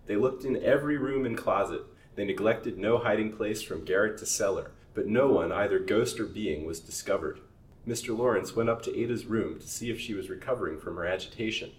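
A man reading a serialized novel aloud as a storyteller, in a measured, steady way. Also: on the low side. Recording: roomy recording from a distance, faint hiss.

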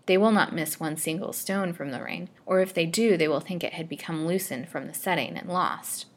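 A timid young captive woman who pleads and bargains, read aloud by a woman. Her voice is soft and imploring. It sits low for a woman in this old-fashioned storybook. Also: moderate pace. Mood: pleading. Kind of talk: storybook reading.

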